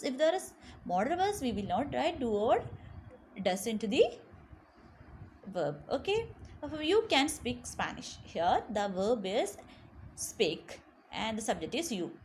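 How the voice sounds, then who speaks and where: Woman teaching grammar, high bouncy voice, faint hiss behind. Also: big pitch swings, a little mellow. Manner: frequent "okay" and short pauses between points; stresses example words strongly. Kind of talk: explaining grammar in a recorded lesson. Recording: faint background noise.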